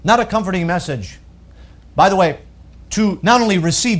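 A man preaching a sermon, emphatic, asking rhetorical questions and slowing down on key phrases. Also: sits high, expressive.

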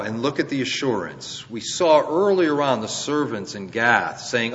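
Bright-voiced man preaching in an echoing hall. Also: medium pitch, sing-song, moderate pace, hardly any pauses. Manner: earnest, emphatic explaining with rhetorical questions. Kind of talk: verse-by-verse Bible teaching. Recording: dull lo-fi recording in a reverberant hall.

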